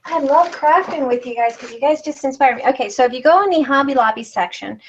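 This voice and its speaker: A woman walks viewers through a craft project on a live stream, explaining each step in a chatty, relaxed way. Her voice sits a little high. The recording sounds dull and lo-fi. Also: fast, slight background noise. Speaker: craft tutorial host.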